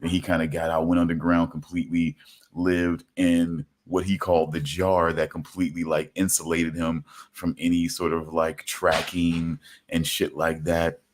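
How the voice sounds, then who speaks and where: A man's voice: deep voice, little pitch movement, normal speed. A man on a live stream rambling through a story with lots of fillers. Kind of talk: casual banter on a live stream. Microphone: video call.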